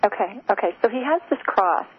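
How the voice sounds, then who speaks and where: A woman hosting a live call-in radio show, giving psychic readings in a hesitant, soft, emotional way with many fillers. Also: mid-range voice, animated, a little fast, husky. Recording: tinny phone-like radio sound, faint noise.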